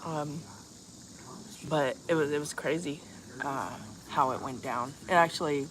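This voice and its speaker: Low-voiced woman in her fifties chatting. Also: unhurried. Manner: rambling, chatty storytelling with many fillers. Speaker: vlogger. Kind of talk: casual chat to viewers. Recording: loud cricket noise behind voice. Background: crickets and insects chirping.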